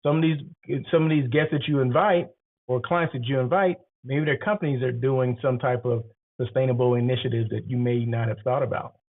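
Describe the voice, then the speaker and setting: A man giving casual advice on running hotels, rambling and asking the listener questions, his throat catching as he clears it now and then. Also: mid-range voice, brisk. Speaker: hotel industry host. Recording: tinny phone-like audio.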